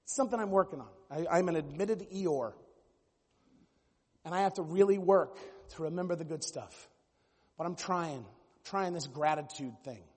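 A man preaching a sermon as pastor, animated and at times mimicking other voices. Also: fairly high pitch, normal speed, slightly rough, big-room sound.

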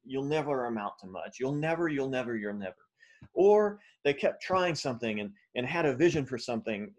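A male pastor preaching a sermon in an animated way, with fillers and restarts. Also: medium pitch.

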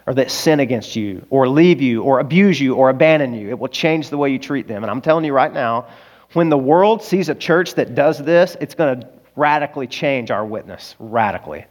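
A male pastor with an Arkansas accent, preaching a sermon in an earnest, confessional storytelling manner that rises to loud, emphatic peaks. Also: medium pitch, animated, a little fast, muffled recording.

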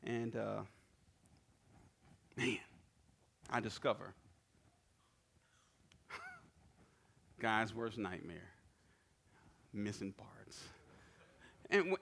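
Male pastor, animated storyteller, bright forceful voice, slightly high. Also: takes it slowly, long pauses. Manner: animated storytelling with personal anecdotes; conversational, repeats words and asks "right?". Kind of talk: sermon.

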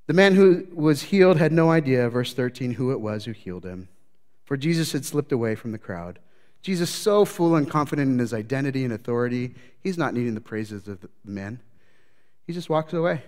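A man preaching a sermon as pastor, swinging between loud, lively retellings and low, quiet reflection. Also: a little fast. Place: church sanctuary. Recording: long church reverb.

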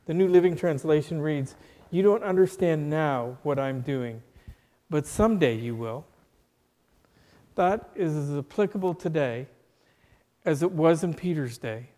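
A man preaching a sermon slowly and deliberately, asking his listeners questions as he explains a Bible passage. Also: a little high, mellow, long reverb tail.

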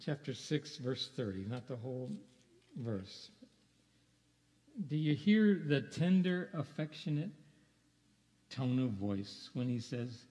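A man's voice: mid-range voice, very animated, slow, pauses often, mellow. A man preaching a sermon in a conversational way, asking rhetorical questions and chuckling now and then. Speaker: pastor. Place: church sanctuary. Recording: long hall reverb.

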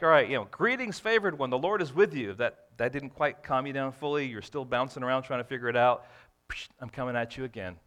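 A man's voice: mid-range voice, a bit bright. A man preaching a sermon, explaining scripture verse by verse and stretching out key phrases for emphasis. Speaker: pastor.

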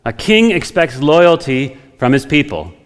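A man's voice: on the high side, sing-song, unhurried. A man preaching a sermon as pastor, talking it through in a conversational way with everyday examples from home. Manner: conversational, thinks aloud with homely examples. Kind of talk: expository sermon. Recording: long hall reverb.

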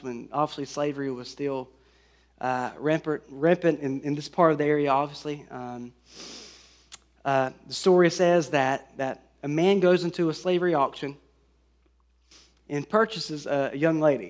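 Male pastor, high voice, earnest sermon delivery, some restarts and fillers. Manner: earnest, with fillers and restarts, rising emphasis on scripture.

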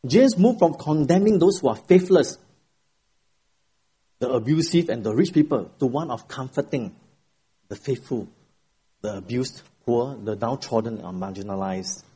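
A middle-aged male pastor delivering a Sunday sermon from the pulpit. His voice is mellow and a little husky, and he tells stories with emphatic rises for key words before easing back down to a soft, quieter tone. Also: mid-range voice, a little slow, pauses often. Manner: expressive storytelling, rising for emphasis, then dropping quiet. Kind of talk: sermon with an opening joke and prayer. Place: church sanctuary at the pulpit.

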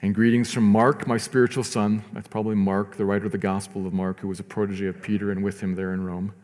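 A man preaching a sermon as pastor, earnest, rising to emphatic lines and dropping to soft, slow ones. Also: lowish voice, level tone, big-room sound.

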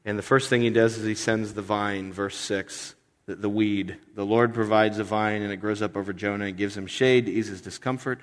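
A man preaching a sermon, lively and animated, acting out voices and mixing in self-deprecating humor. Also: fairly low pitch, normal speed. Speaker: pastor. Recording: long hall reverb.

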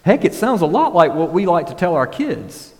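A man's voice: a little high, very animated, moderate pace, in a large hall. A man preaching a casual, conversational sermon as pastor, often checking in with the congregation. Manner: casual, conversational preaching with frequent "right?" and "y'all".

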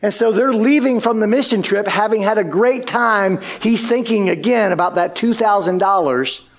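A man preaching to his church, telling a long story with energy. His voice sits high, and he drops into the voices of the people he describes. The delivery keeps shifting in speed and loudness as he builds the story. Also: normal speed. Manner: animated, acts out quoted speech. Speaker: pastor. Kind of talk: sermon storytelling.

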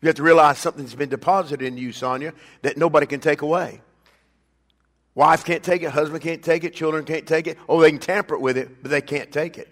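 Older male pastor, high-pitched, preaching in a reverberant church sanctuary; dynamic delivery from quiet asides to loud emphasis. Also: fairly even intonation, a little fast. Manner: preaching with call-and-response, swinging between loud emphatic bursts and quiet asides. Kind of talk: sermon. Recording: long reverb of a church hall.

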